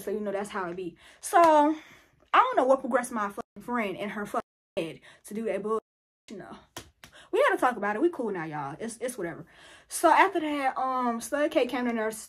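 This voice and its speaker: A teenage girl telling a story in casual chat, animated and full of profanity and slang. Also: on the high side. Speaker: vlogger.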